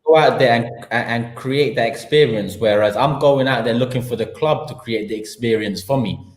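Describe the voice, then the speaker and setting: A man's voice: mid-range voice, normal speed. A man with a London accent hosting a live football talk show, slangy and heated as he piles up his points. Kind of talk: live-stream football rant. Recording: echoey room.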